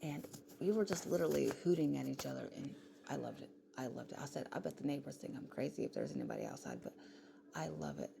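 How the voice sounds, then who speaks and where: Speaking fast in a sing-song way, this woman's voice is low and gravelly. She's chatting in a loose, rambling late-night vlog, often slipping into a whisper, and background noise is clearly audible.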